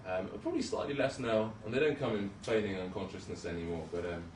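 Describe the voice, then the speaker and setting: A man's voice: fairly low pitch, lively intonation, fast talker, slight background noise. A young man giving a casual, self-deprecating talk as a junior doctor, chatty and hesitant, with many ums. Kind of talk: casual presentation with slides. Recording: roomy hall, speaker far from mic.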